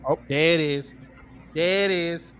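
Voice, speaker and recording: A man's voice: a little high, a little slow, a bit bright, a little hiss or hum. A man hosting a casual reaction show, giving slangy, laid-back running commentary on clips.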